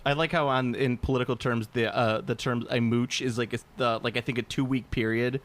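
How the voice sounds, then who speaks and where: A man's voice: medium pitch, fairly even intonation, fairly quick. Man, podcast co-host, rambling casual banter, swears a lot, laughs often. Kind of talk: casual chat.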